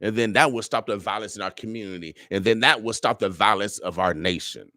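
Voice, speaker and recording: A man's voice: on the low side, fairly quick, sharp tone, no echo. A man from Omaha hosting a morning radio show, preaching and motivating listeners in an emphatic, sermon-like way with repeated "oh yeah" refrains. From Omaha, Nebraska, USA. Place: radio studio.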